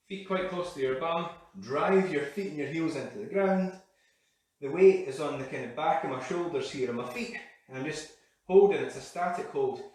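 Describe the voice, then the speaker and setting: A man leading a live workout while exercising, out of breath and breathing hard as he talks. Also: on the high side. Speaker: fitness coach. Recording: echoey room, mic far off.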